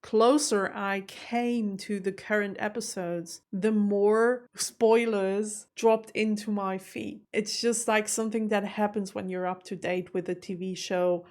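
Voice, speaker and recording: A woman's voice: mid-range voice, steady tone, a little slow, few pauses, darkish tone. A young adult woman hosting a TV reaction video, talking in a chatty, emotional and exclamatory way. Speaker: reaction channel host. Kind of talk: casual reaction commentary.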